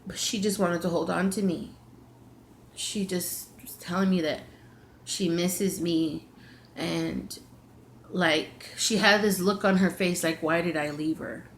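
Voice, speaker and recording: A woman's voice: fairly low pitch, fairly even intonation, slow, slight background noise. A young adult woman vlogger telling a personal story in a confiding, emotional way.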